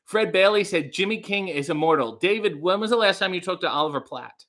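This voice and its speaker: A man with a bright, slightly high voice hosts a casual livestream. He reads viewer comments aloud and reacts in a chatty, offhand way, as if talking to regulars. He sounds like a man in his thirties. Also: expressive, fairly quick. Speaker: host.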